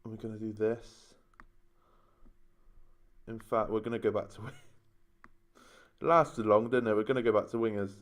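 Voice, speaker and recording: A man's voice: lowish voice, flat delivery, moderate pace, pauses often. Exasperated man moaning over a game. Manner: moaning, exasperated running commentary. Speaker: gaming YouTuber. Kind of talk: casual let's-play commentary.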